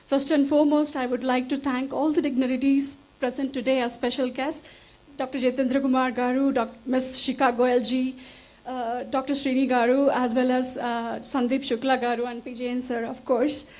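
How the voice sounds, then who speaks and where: High-voiced woman giving earnest thanks. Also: little pitch movement, normal speed, darkish tone, poor audio. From India. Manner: earnest, grateful, slightly emotional. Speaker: award recipient giving acceptance speech. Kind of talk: formal acceptance speech. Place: auditorium stage.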